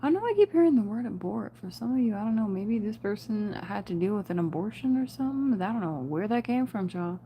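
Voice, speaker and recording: A woman's voice: medium pitch, animated, brisk, few pauses, highs cut off, slight background noise. A woman giving a casual spiritual reading to viewers, chatty and often laughing. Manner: chatty, laughs often, addresses viewers as "you guys" and "y'all". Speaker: tarot reader.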